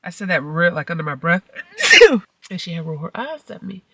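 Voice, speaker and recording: Animated storytelling mommy vlogger, bright voice. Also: female voice, a little fast, breathy edge, no echo, distant mic. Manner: animated storytelling, acts out quotes with big pitch jumps. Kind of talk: casual vlog talk.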